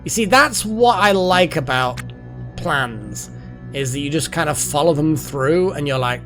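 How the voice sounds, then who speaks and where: A man rambling through gameplay commentary, his pitch swinging widely as he gets excited and then drops into muttering. Faint game music plays quietly behind him. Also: a little slow. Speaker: gaming channel host. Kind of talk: let's play commentary.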